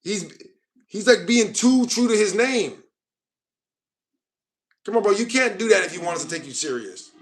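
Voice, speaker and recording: A man's voice: high voice, expressive, a little slow, pauses often. An American man hosting a casual stream, reading viewer comments aloud with mock outrage and calling people bro. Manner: joking, mock-offended, calls viewers bro. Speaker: host.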